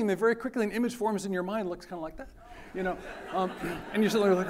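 A middle-aged man with a high voice gives a talk to an audience, loose and joking. He keeps quizzing the room as he goes. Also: fast talker. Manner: conversational, jokey, quizzing the audience. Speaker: university lecturer. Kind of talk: lecture to an audience.

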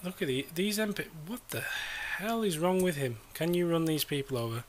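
A man's voice: fairly high pitch, lively intonation, a little fast, slight background noise. A man giving sarcastic, exasperated commentary while playing a game, swearing now and then. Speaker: gamer.

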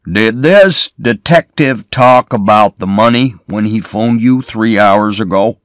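A man reading the lines of a middle-aged small-town sheriff who questions people in a measured way. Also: lowish voice, dry recording, clean studio sound, natural voice. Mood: questioning.

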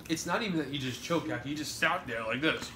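A man's voice: on the high side, fast talker, roomy sound, background noise. A man hosting a pizza review livestream, joking and swearing as he chats casually at a table indoors. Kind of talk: casual on-stream banter.

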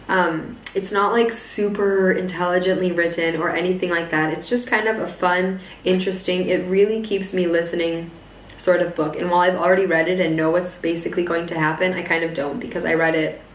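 Host, woman, hoarse and low-voiced, rambling chat, set back from the mic in an echoey room with faint noise. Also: recorded from a distance. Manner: chatty, rambling, many fillers and restarts. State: hoarse from losing her voice. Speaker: podcast host. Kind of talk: casual chat.

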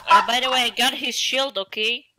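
A woman's voice: fairly high pitch, fairly even intonation, a little fast. A woman playing an online shooter with friends, urgent and repeating herself under pressure. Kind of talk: casual gaming chat with friends. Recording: voice chat with clear background noise.

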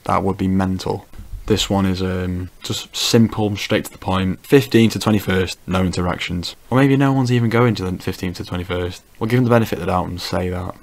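This man has a very low, deep voice. He delivers a casual comedic commentary as a YouTuber, talking wryly and teasing as he goes. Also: steady tone, fairly quick, creaky. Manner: wry, teasing remarks.

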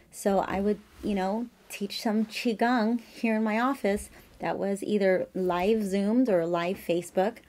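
A woman, a holistic health practitioner sharing a heartfelt personal message, earnest and halting with many fillers. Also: mid-range voice, warm tone. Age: 50s. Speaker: acupuncturist and massage therapist. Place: her office.

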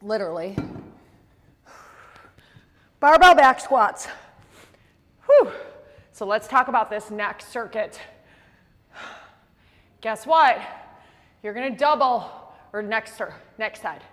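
Breathless, slightly hoarse female fitness coach; slow, lively delivery with big pitch swings. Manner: counting reps aloud between breathless whews. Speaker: fitness instructor. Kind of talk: leading a workout class. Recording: long reverb in a big room.

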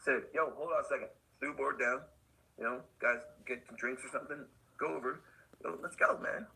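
A man guesting on a skate podcast, telling a story in animated, slangy casual talk and acting out the other people's voices. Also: fairly quick, creaky, breathy edge, rough recording. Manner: acts out quoted voices, swinging high and low; laid-back slangy talk with laughs.

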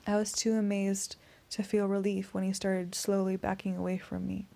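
A woman narrating a first-person audiobook in a steady, tense storytelling voice. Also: mid-range voice, normal speed, creaky.

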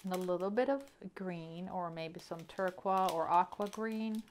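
Slow-talking excitable woman vlogger. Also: on the low side, a little hiss or hum. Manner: chatty and excitable, counting items aloud. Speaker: hobby vlogger. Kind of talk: casual unboxing chat.

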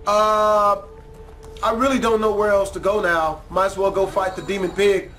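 High, bright-voiced profane gamer man. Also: moderate pace, slight background noise. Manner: profane, excitable, trash-talking with sudden yells. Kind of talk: let's play commentary.

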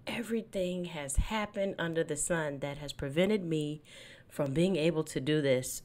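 A woman with a low, deep-set voice hosts a Christian podcast from her desk at home late at night. Her talk is relaxed and chatty, and when she prays it turns soft and reverent. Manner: relaxed and chatty, turning hushed and devout in prayer. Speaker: podcast host. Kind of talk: casual faith podcast chat with spoken prayer.

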